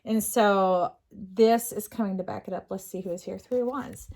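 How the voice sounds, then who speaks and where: A woman's voice: medium pitch, moderate pace, darkish tone. A middle-aged woman doing a casual tarot reading, earnest and rambling, with restarts and fillers. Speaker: tarot reader.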